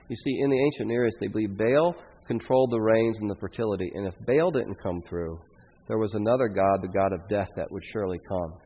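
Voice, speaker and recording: A man's voice: mid-range voice, breathy edge. A man preaching a sermon as pastor, storytelling with dramatic swings in volume when he voices the people of the story. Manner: dramatic, rising and falling loudness when quoting scripture figures. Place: church sanctuary. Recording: dull lo-fi sound in a long-reverb church hall.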